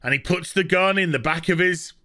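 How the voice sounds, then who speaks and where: A man's voice: high voice, a little fast, bright, forceful tone. A man with an English accent giving a mocking, exasperated review of a TV episode, laughing at its plot. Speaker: host.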